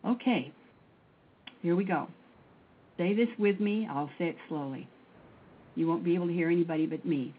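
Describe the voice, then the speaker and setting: A woman leading a guided breathing and mantra prayer session in a slow, measured way, counting aloud. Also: fairly low pitch, husky. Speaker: prayer and meditation leader. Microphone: phone line. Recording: tinny phone line with faint noise.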